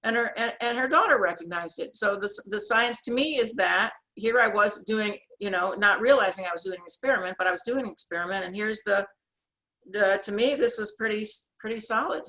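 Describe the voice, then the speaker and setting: A woman with a bright, clear-edged voice tells her story with animation. She acts out the people she quotes and restarts her sentences often. She is speaking as a guest over a video call. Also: mid-range voice, a little fast, poor audio. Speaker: guest, author and sketch artist. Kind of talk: storytelling in an interview.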